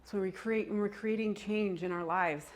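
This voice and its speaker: A woman leads a workout in an encouraging coaching voice at a middle pitch. She pushes her listeners to keep moving and slips into casual stories between cues. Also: moderate pace. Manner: chatty, tells personal stories mid-workout. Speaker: fitness instructor; mother. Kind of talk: workout coaching with motivational talk.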